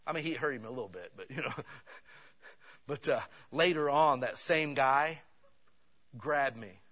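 Man preaching with animated stories. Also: mid-range voice, unhurried. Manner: animated storytelling, swinging between loud bursts and hushed asides. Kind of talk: sermon with personal stories.

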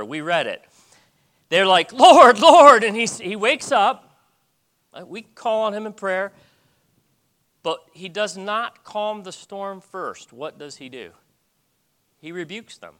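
A middle-aged man preaching a sermon in an animated way, often restarting his sentences. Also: on the high side.

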